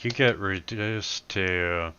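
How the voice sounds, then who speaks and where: Very slow-talking male game master. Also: low voice, pushed and bright. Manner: halting, with many filler sounds. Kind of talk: running a tabletop game online. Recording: dull lo-fi recording.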